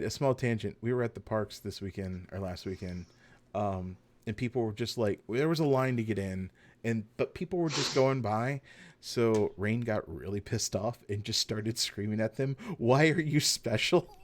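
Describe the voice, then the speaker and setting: Lively game master recapping the story. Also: male voice, lowish voice, normal speed, slight background noise. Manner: storyteller recap mixed with loose chatty asides and self-corrections. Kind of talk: narrating a tabletop game.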